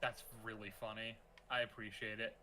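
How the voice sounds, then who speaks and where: A man's voice: lowish voice, level tone, normal speed, pushed and bright, slight background noise. A man from Texas chatting on a gaming stream with a dry, skeptical manner. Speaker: livestream guest. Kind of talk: casual livestream chat.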